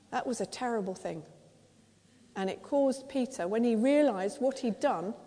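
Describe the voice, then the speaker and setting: A woman with an English accent preaching a sermon, telling the story gently and acting out quotes softly. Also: on the high side. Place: church. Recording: long church reverb.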